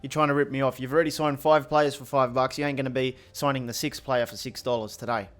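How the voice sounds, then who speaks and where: A man voicing a dismissive male football club representative who bluntly turns down a lowball offer. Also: fairly even intonation, quick pace, fairly bright tone, natural voice. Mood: scoffing. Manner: scoffing, blunt.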